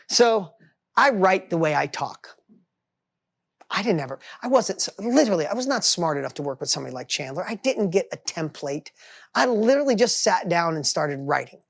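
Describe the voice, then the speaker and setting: Fifties male entrepreneur, energetic, punchy delivery, dry close-mic recording. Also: sits high, creaky, no room sound. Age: 50s. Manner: energetic, talks in bursts, acts out voices in his stories. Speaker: author and entrepreneur. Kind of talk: animated storytelling.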